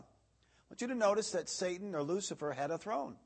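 This preacher's voice sits high and sounds a little rough, with lively intonation and a brisk pace. He rambles through an informal sermon full of fillers, then rises in volume and intensity as he reads Bible verses.

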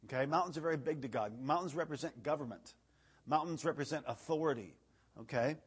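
A man's voice: on the high side, fairly quick, husky. A man preaching a casual, filler-filled sermon, reading scripture aloud with rising emphasis. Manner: chatty, filler-heavy, rises loud when reading verses. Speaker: evangelist preacher.

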